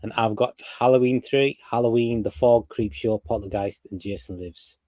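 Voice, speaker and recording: A man's voice: mid-range voice, steady tone, moderate pace, a crowd in the background. A man, hosting a casual chat and running through lists, rambling with restarts. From North East England. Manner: rambling, restarts, runs the list. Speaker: podcast host.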